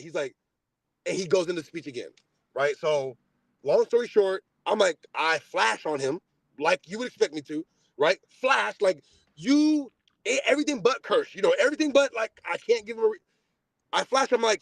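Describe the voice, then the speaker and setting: A man with a high, lively voice tells a profane, ranting story on a podcast and acts out both sides of a phone call. The sound is dry and close, with no room around him. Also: normal speed, gravelly, dry recording. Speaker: podcast host. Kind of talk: casual chat storytelling.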